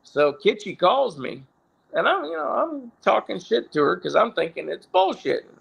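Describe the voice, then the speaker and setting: A man's voice: sits high, sing-song, normal speed, vocal fry, a bit bright, a little hiss or hum. A middle-aged man, a former pro wrestler, telling stories casually with swearing and frequent self-corrections. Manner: rambling, profane, self-correcting. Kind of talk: casual storytelling.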